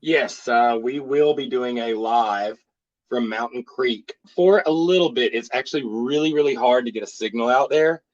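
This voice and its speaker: A man's voice: medium pitch, dull audio. A man co-hosting a podcast, riffing wryly and laughing along. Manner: wry, quick to laugh and riff. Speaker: podcast co-host. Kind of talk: joking casual chat.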